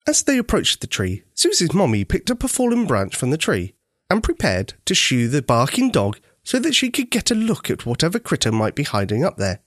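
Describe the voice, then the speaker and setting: Male storybook narrator, animated pitch, dry close mic. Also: fairly quick, no room sound. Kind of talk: scripted children's story narration.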